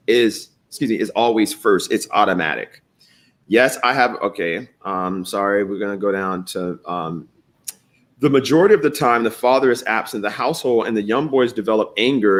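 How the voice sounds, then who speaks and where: A man hosting a morning talk show, telling stories in an animated way, swearing freely and reading viewer comments aloud. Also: fairly low pitch.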